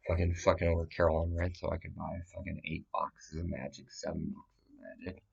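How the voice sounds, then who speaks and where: Man, very low voice, gravelly, rambling, profane, agitated monologue. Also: monotone, fairly quick, lo-fi sound. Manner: rambling, profane and agitated, jumping between claims.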